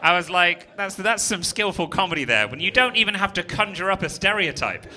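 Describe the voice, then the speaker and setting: A man's voice: sits high, lively intonation, a little fast, sharp tone. A young British man doing stand-up, chatting with and teasing a live audience, now and then slipping into mock voices. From Britain. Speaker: comedian. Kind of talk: stand-up crowd work. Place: comedy venue before a live audience.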